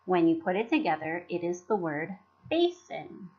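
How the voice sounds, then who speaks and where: A woman's voice: on the low side, sing-song, normal speed. A woman giving a scripted teaching presentation, carefully sounding out syllables and words. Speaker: teacher presenting professional development. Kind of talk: scripted instructional narration. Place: voice-over for slide presentation. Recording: dull lo-fi recording.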